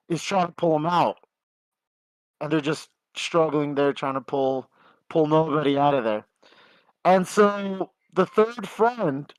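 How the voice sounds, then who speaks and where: A man's voice: on the high side, no room sound, rough recording. A man co-hosting a gaming podcast, telling long jokes casually with lots of fillers. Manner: rambling storyteller with filler words. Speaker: podcast co-host.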